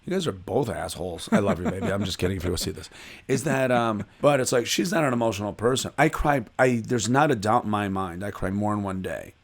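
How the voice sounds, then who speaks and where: A man from Chicago, a comedian guest, telling animated and self-deprecating stories in a casual interview. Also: on the low side, fairly quick.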